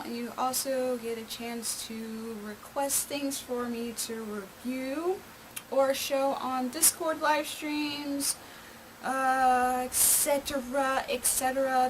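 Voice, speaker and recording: A woman's voice: sits high, a bit bright, a little hiss or hum, rough recording. A woman hosting her own movie review channel, chatty and openly sarcastic. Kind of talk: casual video review.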